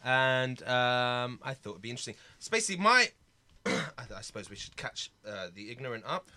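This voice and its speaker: A man hosting a comedy podcast, bantering in a playful, quick, jokey way. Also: medium pitch, animated, sharp tone, no echo. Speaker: podcast host.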